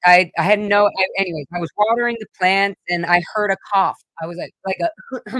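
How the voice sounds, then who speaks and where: A woman's voice: mid-range voice, normal speed, a bit bright, no room sound, low-quality recording. Rambling emotional woman vlogger, dry sound. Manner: rambling, emotional, many fillers and restarts. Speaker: vlog host. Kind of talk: casual personal storytelling.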